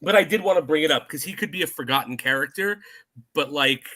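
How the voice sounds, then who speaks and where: A man's voice: a little high, quick pace, bright, forceful tone. A man co-hosting a podcast, talking casually about a film, laughing often and acting out lines from scenes. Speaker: podcast co-host.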